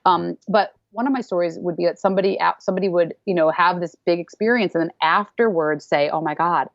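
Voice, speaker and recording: Woman dance teacher, emphatic, repeats phrases, low-ish voice, dull dry lo-fi recording. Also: fast talker, creaky, no echo. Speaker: dance teacher, podcast guest. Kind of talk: casual interview chat. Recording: dull, slightly lo-fi, dry sound.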